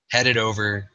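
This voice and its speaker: A man narrating a tabletop game as game master, in drawn-out, halting narration with fillers. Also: lowish voice, bright, forceful tone, clean tone, no echo, dull audio.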